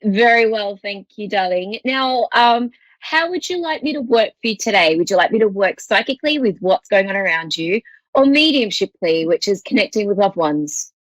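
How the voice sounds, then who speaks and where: A woman's voice: medium pitch, animated, moderate pace, no room sound, poor audio. An Australian woman hosting a psychic call-in show, with a voice that sits in the middle of the range. She rambles reassuringly and often restarts her sentences. The sound is dry and close to the mic. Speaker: psychic medium host.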